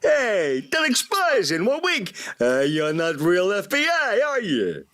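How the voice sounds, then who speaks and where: A man's voice: high-pitched, huge pitch swings, sharp tone, heavily acted. A man doing a sly, menacing cartoon bear. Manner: sly, teasing, drawn-out. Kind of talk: live staged script reading.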